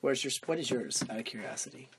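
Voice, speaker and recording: A man's voice: medium pitch, animated, fast, slight background noise. A young man co-hosting a podcast in a playful, jokey casual chat. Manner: playful, jokey, does silly voices. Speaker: podcast co-host.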